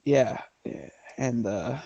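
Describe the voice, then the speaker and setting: A man voicing a polite male adventurer in a tabletop game, halting with fillers. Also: medium pitch, expressive, vocal fry, mellow, no room sound, muffled recording, full character voice. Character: male adventurer posing as a meteorologist. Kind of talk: tabletop role-play.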